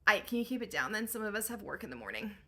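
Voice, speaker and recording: A woman's voice: medium pitch, very animated, rapid-fire, bright, forceful tone, full character voice. A woman voicing annoyed giant male neighbors who talk in casual bro slang. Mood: exasperated.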